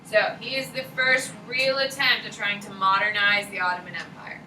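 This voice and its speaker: A woman lectures a high school history class in a casual, candid way, tossing in the odd swear word. Her voice comes out bright and forceful. She is picked up from across an echoey classroom, with a low hum of room noise underneath. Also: little pitch movement, moderate pace, distant mic.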